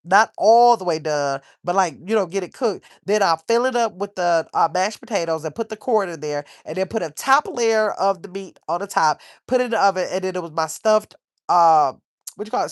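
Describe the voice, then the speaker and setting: A woman's voice: lowish voice, expressive, brisk, no room sound, clean studio sound. Chatty woman hosting a livestream. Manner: chatty, rambling, reads viewer comments aloud. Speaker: livestream host. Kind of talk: casual livestream chat reading comments.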